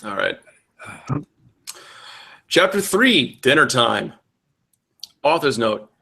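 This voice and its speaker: A man's voice: mid-range voice, very animated, slow, creaky, long pauses, bright, forceful tone, breathy edge. Young male co-host, comedic dramatic reader, exaggerated voices, exasperated. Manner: reads with exaggerated character voices and exasperated asides. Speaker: co-host reading fanfiction aloud.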